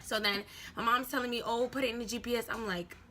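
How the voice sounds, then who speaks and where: A young woman telling a casual storytime vlog, animated and slangy, acting out quoted voices. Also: fairly high pitch, fast talker, music in the background. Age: young adult.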